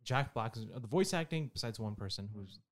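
A man's voice: mid-range voice, lively intonation, brisk. A man from Spain, a podcast guest in casual chat, joking, swearing casually and trailing off mid-sentence.

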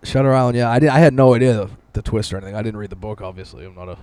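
A man's voice: fairly low pitch, rapid-fire, darkish tone, clear, resonant tone, no echo. A man in his thirties joking crudely and mocking himself in casual podcast banter. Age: 30s. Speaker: podcast co-host.

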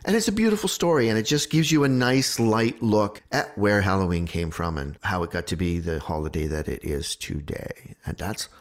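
A man co-hosting a relaxed podcast, his somewhat low voice rising and falling with plenty of life. He tells stories with relish and lets a swear word slip now and then. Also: moderate pace, few pauses. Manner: animated storyteller, swears freely. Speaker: podcast co-host. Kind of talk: casual podcast chat.

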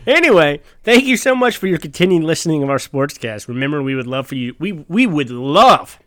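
A man's voice: a little high, fast, a bit bright, smooth, no echo, studio quality. A young man hosting a sports podcast, joking around in casual, rambling banter. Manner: jokey, playful, rambling. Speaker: podcast host.

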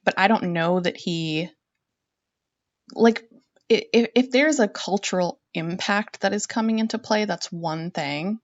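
A woman's voice: mid-range voice, a little slow, dry recording. Woman, podcast co-host, blunt casual talk, swears, dry close mic, dull sound. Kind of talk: casual chat recapping a reality show.

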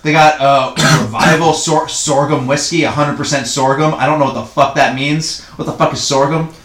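A podcast co-host trades casual banter, telling loose, profane stories and laughing at his own jokes. His slightly high, a bit bright voice keeps fairly even intonation at a moderate pace, in an echoey room with faint noise.

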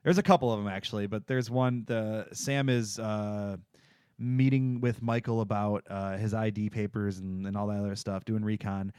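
Man, podcast co-host, casual episode recap, smooth clear voice, dry close sound, rambling with fillers. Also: lowish voice, steady tone, normal speed, a little mellow, dry recording. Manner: rambling, filler-heavy, jokey.

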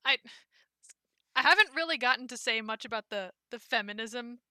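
A woman in a casual podcast chat, eager and expressive with quick asides. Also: on the high side, no room sound, clean studio sound. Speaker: podcast co-host.

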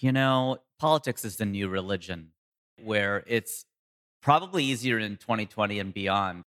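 Give me a man, a comic, talking casually in an interview, lowish voice with bright bite. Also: moderate pace, big-room sound. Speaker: comedian and voice actor.

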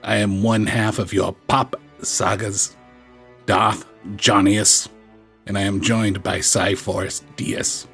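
A man's voice: on the low side, little pitch movement, slow, creaky, fairly bright tone, soft background music. A man co-hosting a podcast in casual chat, with dry, jokey remarks. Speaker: podcast co-host.

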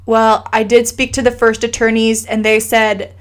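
Animated woman with a higher voice. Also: moderate pace. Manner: animated, quotes others in lively asides; emotional, earnest. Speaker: guest. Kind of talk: casual storytelling in conversation.

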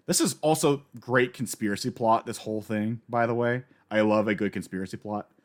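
A man in casual chat, recapping a story with lively enthusiasm and acting out the characters he quotes. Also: fairly low pitch, brisk. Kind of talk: casual manga discussion.

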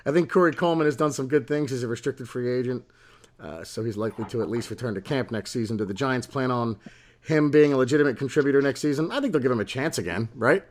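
A man's voice: medium pitch, fast talker. A man co-hosting a sports podcast, casually reading out listener questions and laughing often. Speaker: podcast co-host.

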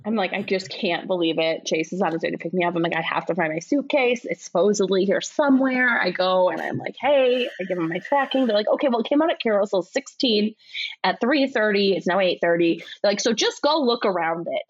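A woman chatting casually, telling a long story with lively imitated voices and frequent laughter. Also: medium pitch, brisk, dry recording, highs cut off. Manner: animated, acts out voices in her story; laughs often while telling. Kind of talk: casual chat.

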